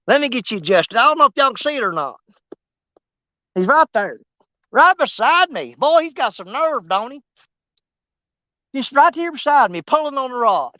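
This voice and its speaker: A man chatting on a fishing livestream, his pitch bouncing all over as he rambles and teases. The sound is dry and close, with dull, lo-fi stream audio. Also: big pitch swings, moderate pace, pauses often, sharp tone, no echo. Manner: rambling, teasing, talks to the fish. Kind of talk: casual live-stream chat. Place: outdoors on a riverbank.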